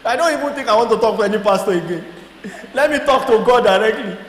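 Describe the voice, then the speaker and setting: A Nigerian man telling a lively personal testimony to a church audience, acting out both sides of his conversations, at times laughing and shouting. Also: high voice, fast talker. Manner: storytelling, acts out dialogue, laughs and shouts. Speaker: guest speaker. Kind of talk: animated testimony talk. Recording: echoey hall with faint noise.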